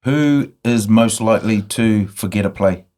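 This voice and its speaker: A man's voice: fairly low pitch, measured pace, darkish tone. A man hosting a casual podcast interview, chatty and laughing easily. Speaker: podcast host.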